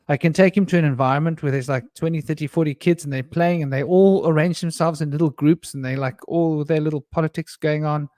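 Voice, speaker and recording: A man's voice: mid-range voice, darkish tone, no room sound, studio quality. A man, telling rambling stories and laughing often during an online panel discussion. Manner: rambling, anecdotal, quick to laugh. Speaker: round table participant. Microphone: video call.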